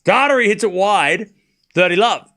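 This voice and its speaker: A man's voice: high-pitched, lively intonation, unhurried, creaky, pushed and bright. A man casually commentating a live tennis match on a stream, joking and chatting with viewers. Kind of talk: casual watchalong play-by-play.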